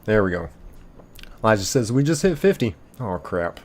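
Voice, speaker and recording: A man hosting a casual live stream, reading viewer comments aloud in an animated way, laughing easily and thanking viewers by name. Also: fairly low pitch, normal speed, faint music behind. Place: apartment bedroom.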